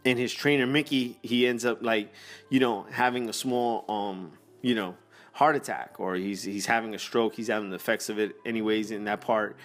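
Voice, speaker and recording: A man telling a personal faith testimony, halting with fillers, then building into a fervent exhortation. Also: lowish voice, steady tone, soft background music. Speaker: motivational speaker.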